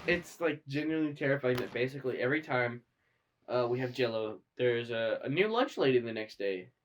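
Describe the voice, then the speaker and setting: Lively young podcast co-host, joking. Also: brisk. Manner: playful, joking, bursts into high squeals. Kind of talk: casual chat.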